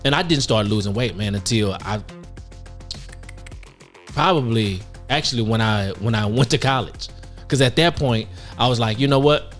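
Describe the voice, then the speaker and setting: A man's voice: on the low side, expressive, moderate pace, pauses often, a bit bright, faint music behind. A man in his fifties, co-hosting a podcast in casual chat, telling self-mocking stories with frequent laughs. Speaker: podcast co-host.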